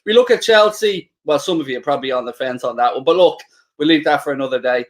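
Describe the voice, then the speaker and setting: A man with a fairly high voice talks at a quick pace as he co-hosts a live football watchalong stream, bantering chattily and reading viewer comments aloud.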